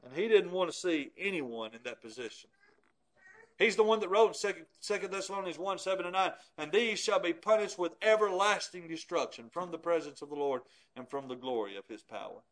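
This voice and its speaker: A man with a high-pitched voice delivers a sermon. He preaches with emphatic force, slowing and pressing hard on the scripture he reads. His pleading builds through the passage. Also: expressive, fairly bright tone.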